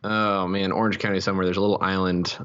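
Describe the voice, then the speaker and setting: Low-voiced guy cohosting a podcast, dry jokes, kinda muffled sound. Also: flat delivery, fast, a bit bright, smooth. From United States. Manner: laid-back, dry one-liners. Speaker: podcast co-host. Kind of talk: casual chat.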